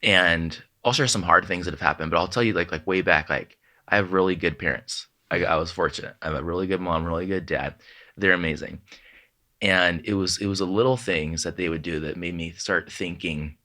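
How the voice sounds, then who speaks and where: Deep-voiced man telling heartfelt stories. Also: bright, forceful tone. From Southern California. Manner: heartfelt, halting, many restarts and "like"s, quotes his parents. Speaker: podcast guest, author. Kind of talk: emotional personal storytelling.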